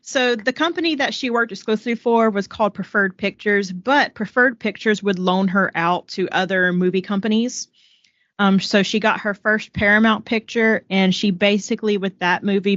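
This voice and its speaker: A woman's voice: medium pitch, moderate pace, fairly bright tone, no echo. Woman, Southern accent, podcast co-host, casual storytelling, fillers, dry room, muffled audio. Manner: storytelling, with many "um"s and book quotes. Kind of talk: casual chat, summarizing a book.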